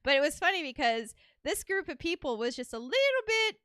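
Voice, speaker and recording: A woman's voice: sits high, fairly quick, no room sound, studio quality. A young adult woman hosting a podcast, chatting casually and acting out the people in her stories. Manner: animated storyteller, acts out quotes. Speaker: podcast host. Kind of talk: casual chat.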